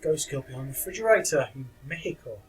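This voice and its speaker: A man talking through clips in a loose, casual commentary style, dry and wry and openly skeptical. His voice sits at an ordinary middle pitch, and he chuckles now and then as he picks things apart. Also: lively intonation, quick pace, a bit bright, faint music behind, poor audio.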